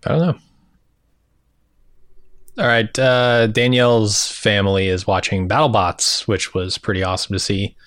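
A man's voice: fairly low pitch, unhurried, long pauses, clear, resonant tone, no room sound, studio quality. Laid-back man recapping an episode. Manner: relaxed, summarizing from notes. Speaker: podcast co-host. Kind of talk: casual TV recap chat.

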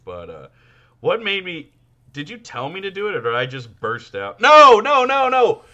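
Animated laughing man on a podcast. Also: moderate pace, highs cut off. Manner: laughs often, bursts into loud high impressions. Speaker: podcast co-host. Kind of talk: casual podcast chat.

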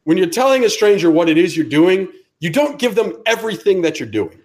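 Male podcast co-host, a bit high, expressive pitch, dry ribbing delivery. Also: a little fast. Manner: dry teasing interjections. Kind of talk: casual chat.

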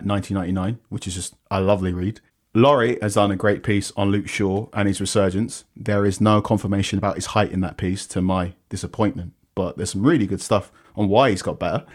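A man's voice: fairly low pitch, darkish tone. A young man hosting a football podcast, chatting casually and reading promotions in an upbeat way. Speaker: podcast host.

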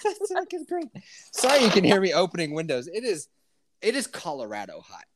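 A man's voice: high voice, wildly swooping pitch, fairly quick. A young man hosting a podcast, chatting casually with crude jokes and frequent laughs. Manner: crude joking, laughs often. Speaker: podcast host.

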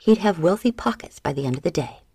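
A woman voicing a gruff male pirate first mate who barks orders at his crew in an audiobook. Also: fairly low pitch, expressive, quick pace, mellow, dry recording, full character voice. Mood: scheming.

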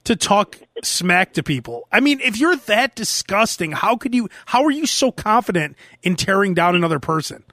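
Man, podcast host, high bright lively voice, dry close sound. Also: moderate pace, few pauses, no echo. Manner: jokey, puts on mock drawls. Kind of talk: casual comedy banter.

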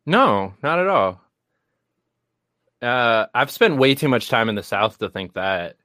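A man's voice: mid-range voice, lively intonation, unhurried, sharp tone, dry recording, clean studio sound. A man from New York in a casual chat, talking in a wry, teasing way.

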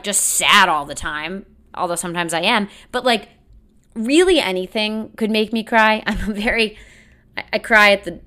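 A woman's voice: medium pitch, sharp tone. A young woman hosting a casual solo podcast, chatting in a rambling, self-deprecating way and laughing often. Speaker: podcast host.

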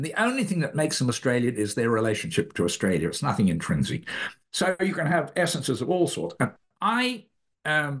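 Male guest author, expressive pitch, measured explainer who self-corrects. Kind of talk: explaining ideas in an interview.

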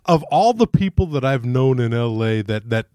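A man's voice: medium pitch, lively intonation, moderate pace, dark tone, no echo, clean studio sound. A man hosting a comedy podcast, telling rambling, profane stories in casual chat.

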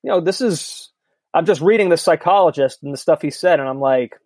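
A man's voice: a little high, brisk, a little mellow, no room sound. A man in his thirties co-hosting a podcast, talking candidly and rambling a little as he chats. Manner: candid, rambling, self-deprecating. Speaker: podcast co-host. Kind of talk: casual chat.

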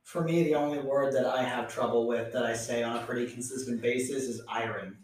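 A man, co-hosting a casual podcast with dry, deadpan quips. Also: medium pitch, brisk. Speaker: podcast co-host. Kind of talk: casual chat. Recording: very echoey, far from mic.

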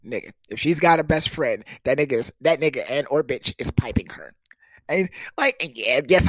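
A man's voice: mid-range voice, very animated, normal speed, husky, no echo. A young man hosting a casual solo podcast, joking crudely and laughing often, close to the mic. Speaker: podcast host. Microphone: close studio mic.

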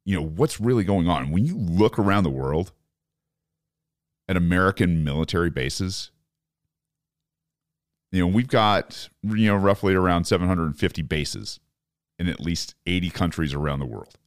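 A man's voice: low-pitched, moderate pace, pauses often, dry recording, clean studio sound. A man hosting a political podcast, ranting in profane disbelief about current events. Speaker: podcast host. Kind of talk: opinionated political commentary.

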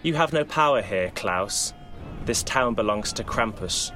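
A man's voice: on the low side, animated, a little slow, sharp tone, soft background music. A man voicing a menacing horned Krampus disguised as a townsman, purring and taunting. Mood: gloating.

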